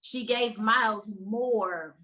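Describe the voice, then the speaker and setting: A woman's voice: on the high side, slow pace, a little hiss or hum. A woman co-hosting a podcast, casually recapping a romance novel and acting out the characters' lines. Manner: animated storytelling, acts out characters' lines. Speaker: podcast co-host.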